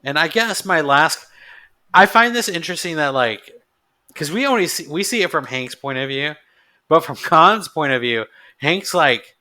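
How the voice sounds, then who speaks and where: A man co-hosting a podcast, thinking aloud in a casual, halting way. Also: on the high side, lively intonation, pushed and bright. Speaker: podcast co-host. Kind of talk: casual chat.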